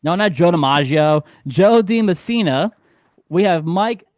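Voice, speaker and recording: A man's voice: high-pitched, animated, unhurried, a little mellow, no echo, studio quality. Rambling, laughing male podcast host. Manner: rambling, self-correcting, laughs easily. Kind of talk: casual chat.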